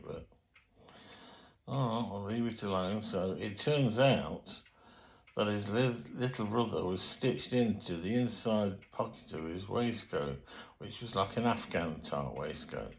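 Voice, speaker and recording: Gravelly older man reminiscing. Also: on the low side, moderate pace, darkish tone, rough recording. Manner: rambling, colloquial, frequent fillers and self-corrections. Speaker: memoir storyteller. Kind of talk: casual spoken memoir.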